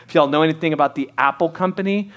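A man's voice: fairly high pitch, fast, a bit bright. A man preaching a sermon as pastor, talking conversationally and asking the congregation rhetorical questions. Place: church sanctuary.

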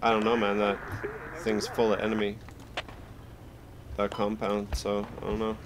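A man with a Canadian accent chatting casually on squad voice chat during a game, relaxed and swearing often. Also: fairly low pitch, moderate pace, background noise. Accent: Canadian English. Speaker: gamer recording gameplay.

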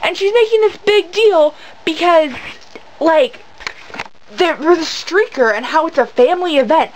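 A woman with a high voice vlogs to camera. She tells her story in a rambling way, with lots of fillers and an indignant edge. A faint hiss runs under the recording. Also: a little slow, rough recording. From United States. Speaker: vlogger. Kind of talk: casual storytelling rant to camera.

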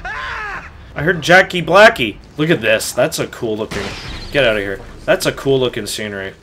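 A man playing a video game with casual let's play commentary, excitable and swearing constantly with loud outbursts. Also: mid-range voice, normal speed, faint music behind. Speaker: gamer playing through a game.

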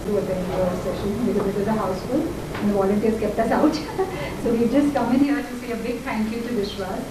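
A woman's voice: mid-range voice, fast talker. Courteous woman thanking speakers, echoey. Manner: courteous, formal. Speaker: event organizer. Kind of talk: formal vote of thanks. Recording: echoey hall from far off, noisy.

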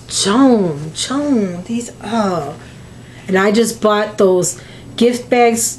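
A woman's voice: medium pitch, darkish tone. Woman, emotional, gushing, crafting vlog, faint hum behind. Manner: gushing, emotional, near tears. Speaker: crafting vlogger. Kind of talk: casual mail opening vlog.

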